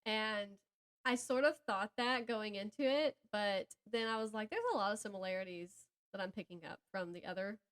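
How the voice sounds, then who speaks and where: A woman's voice: medium pitch, fairly even intonation, moderate pace, a bit bright, clear, resonant tone. A woman with a Southern American accent co-hosting a casual book podcast, rambling and stopping herself mid-thought, laughing often. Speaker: podcast co-host. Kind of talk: casual chat about books.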